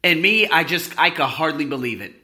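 Brief: young male host, very bright, slightly high voice, blunt casual storyteller. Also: expressive, fairly quick. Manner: blunt, profane, rambling with restarts. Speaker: podcast host.

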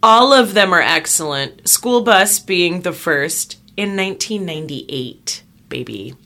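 A woman co-hosting a comedy podcast, chatting casually and playfully, breaking into excited loud riffs. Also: fairly low pitch, measured pace. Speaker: podcast co-host.

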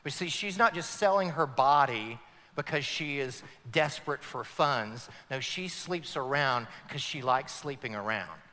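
A man, a pastor, preaching a sermon emphatically, swinging between loud climaxes and hushed passages. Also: medium pitch, animated, unhurried, long reverb tail.

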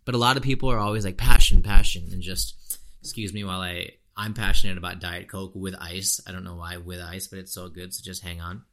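A man's voice: low voice, steady tone, fast, few pauses, pushed and bright. A man hosting a podcast, talking in a blunt, slangy, ranting way. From United States. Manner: blunt, slangy, ranting with lots of "dude" and "you know". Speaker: podcast host. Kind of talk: casual podcast monologue.

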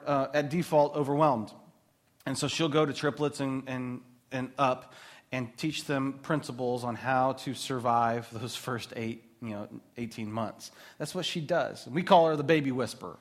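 A man in his thirties giving a faith talk to mothers, telling rambling personal stories and laughing at himself. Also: fairly high pitch. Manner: warm, rambling storyteller who laughs at himself. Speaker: speaker at a Christian mothers' gathering.

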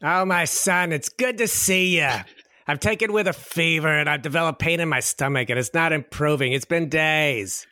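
Guy doing a whiny new york mom laying on the guilt, higher voice, dry sound. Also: moderate pace, bright, forceful tone, no echo. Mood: guilt-tripping. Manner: nagging, self-pitying. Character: guilt-tripping older New York mother.

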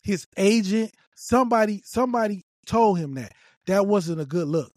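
A man's voice: sits high, normal speed, darkish tone, no room sound, studio quality. A man giving emphatic, repetitive opinion commentary on a video clip, scolding and lecturing.

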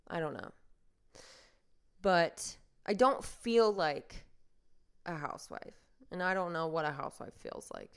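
A woman's voice: fairly low pitch, animated, takes it slowly, gravelly, pauses often, a bit bright, clean tone. A young woman hosting her own podcast, talking in a rambling, self-deprecating casual monologue full of fillers and restarts. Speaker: podcast host.

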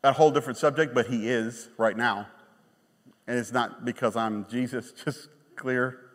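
A man pastor preaching a sermon, emphatic and animated, with sudden quiet drops. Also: medium pitch, moderate pace. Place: church sanctuary. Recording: long church reverb.

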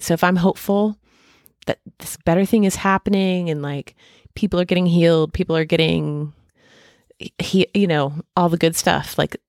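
A woman's voice: deep voice, a little mellow, no echo, clean studio sound. A woman in her thirties talking casually and at length about hope and faith, rambling with many fillers and restarts. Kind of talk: casual reflective monologue.

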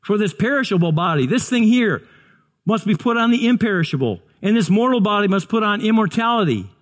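A high, brisk voice belongs to a pastor in his sixties giving a heartfelt sermon. He frequently stumbles, repeating and restarting words, before building to excited shouts.

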